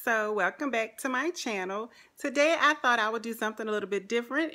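A woman's voice: medium pitch, sharp tone. A woman in her forties with a New Orleans accent, chatting to camera as a vlogger in a sassy, joking way. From New Orleans, Louisiana. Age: 40s. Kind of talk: casual chat to camera.

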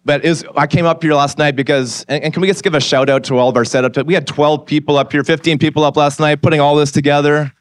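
A man's voice: a little high, steady tone, fast, few pauses, clear, resonant tone, dry recording, studio quality. A man in his forties preaching a sermon as a pastor, moving from candid, conversational storytelling to an earnest appeal from a church stage.

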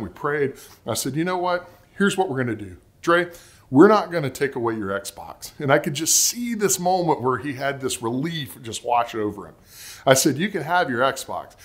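A man in his forties preaching a sermon, telling family stories and ending in prayer, acting out quotes in a higher voice. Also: fairly bright tone. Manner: storytelling, acts out quotes in a higher voice. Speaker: pastor.

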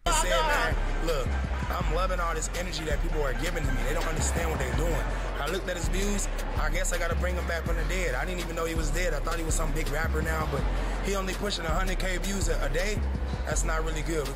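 A man's voice: fairly high pitch, fast talker. A man in a YouTube clip, boasting and trash-talking in a cocky rant. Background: loud music.

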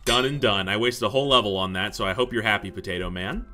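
A young man giving casual, jokey video game commentary, excitable and quick to swear when surprised. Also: lowish voice, music in the background. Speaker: gaming commentator. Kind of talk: casual let's-play commentary.

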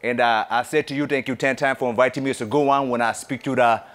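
A middle-aged man from Ethiopia giving a conference keynote speech, energetic and talking straight to the audience. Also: mid-range voice, fast talker. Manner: energetic, engages the audience directly. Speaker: keynote speaker. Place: conference hall.

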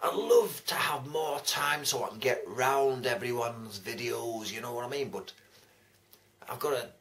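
A man's voice: medium pitch, expressive, measured pace, a bit bright. A man chatting casually to camera as a vlogger, laughing often and swearing freely. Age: adult, writing a second novel. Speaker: vlogger giving shout-outs.

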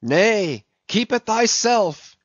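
A man voicing a wild, fanatical male sailor prophet who rants vehemently in a high, strained voice. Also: lively intonation, drawn-out words, dry recording, highs cut off, full character voice. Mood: ominous.

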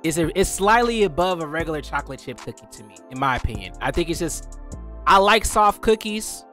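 A young man doing a casual taste-test vlog as a food reviewer, talking in slangy, excitable bursts, swearing and repeating himself. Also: on the high side, brisk, soft background music.

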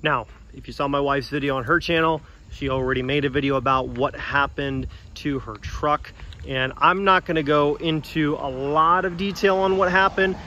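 Man, casual vlog talk, animated and slangy, higher-pitched voice, faint outdoor hum behind. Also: moderate pace. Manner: animated, slangy, talks straight to viewers. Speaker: truck vlogger.

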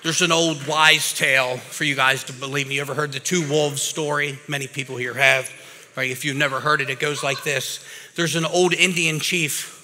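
A man preaching a lively, casual sermon to a live audience, talking like a regular guy and calling people bro and man. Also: medium pitch, slight background noise. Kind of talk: energetic recovery-ministry sermon. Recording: reverberant hall.

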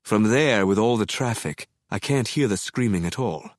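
A man narrating an audiobook in the first person, measured, deliberate and quietly menacing. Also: lowish voice, animated, no echo, studio quality.

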